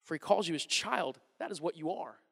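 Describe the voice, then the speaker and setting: A man in his thirties preaching a sermon as a pastor, animated and acting out quotes in different voices. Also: a little high, a little fast, vocal fry, breathy edge. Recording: long reverb of a large hall.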